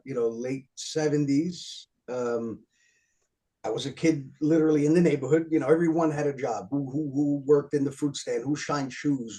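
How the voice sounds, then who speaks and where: A man's voice: mid-range voice, dark tone. A man in his fifties with a New York accent, telling stories as an interview guest, rambling with many fillers and repeated words. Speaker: author guest. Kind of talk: casual storytelling interview.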